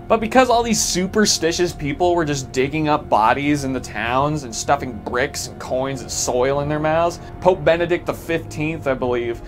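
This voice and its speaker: A man's voice: fairly high pitch, moderate pace, hardly any pauses, soft background music. A man narrating a history vlog, joking and irreverent between facts. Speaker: video essay host.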